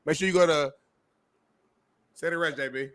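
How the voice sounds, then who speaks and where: A man's voice: on the high side, moderate pace, fairly bright tone, no echo. A man co-hosting a sports talk show, chatting in a laid-back, joking, playful way. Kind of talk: casual chat.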